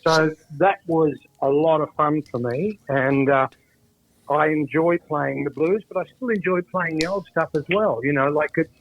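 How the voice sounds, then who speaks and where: A man's voice: on the high side, moderate pace. An older man with an Australian accent, a guest musician telling stories in a chatty, rambling way with frequent restarts. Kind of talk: casual anecdote-telling. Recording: tinny phone-like line, dry.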